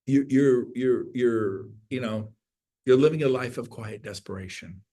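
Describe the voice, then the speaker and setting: A middle-aged man giving an energetic, folksy motivational talk to an audience, now and then breaking into loud outbursts. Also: mid-range voice, moderate pace. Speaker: motivational speaker.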